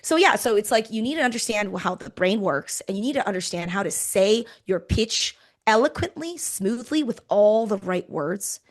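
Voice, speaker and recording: A woman's voice: mid-range voice, expressive, moderate pace, hardly any pauses. A woman recruiter talking bluntly and animatedly in a casual interview, swearing freely. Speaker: recruiter guest.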